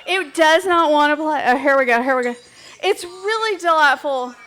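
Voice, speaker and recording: High-voiced woman doing crude comic talk. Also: normal speed, a little hiss or hum. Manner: playful, crude and excitable, chats with the crowd. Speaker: presenter at a live bar show. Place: bar stage with live audience.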